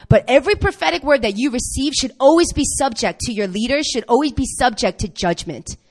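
A woman pastor preaching a sermon, telling a church story with lively acted-out quotes. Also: high voice, a little fast. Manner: animated storytelling, acts out quoted voices.

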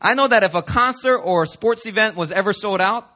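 Young male pastor, casual joking sermon, high bright voice. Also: a little fast. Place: church.

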